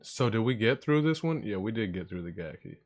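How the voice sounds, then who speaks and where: A man's voice: on the low side, sing-song, a little fast. Profane, hyped male stream host. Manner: loud, profane, shouts greetings to chat. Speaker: livestream host. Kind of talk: casual hype livestream chat. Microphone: desk microphone for streaming.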